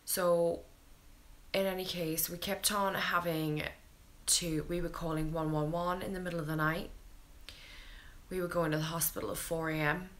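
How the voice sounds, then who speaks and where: A woman's voice: lowish voice, level tone, normal speed, a bit bright. A British mother, tired, telling her baby's story to camera in a blunt, candid way and swearing freely. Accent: British English.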